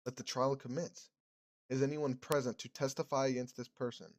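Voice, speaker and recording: A man's voice: medium pitch, level tone, fairly quick, lightly acted. A man voicing a stern male priest who judges a woman as a witch, speaking in archaic, solemn tones. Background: game music.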